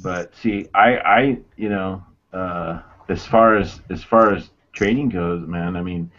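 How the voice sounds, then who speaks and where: A man's voice: low voice, slow pace, fairly bright tone. A man in a casual panel chat, hesitant and profane, full of "uh" and "man". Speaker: panel guest. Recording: muffled lo-fi audio with faint noise.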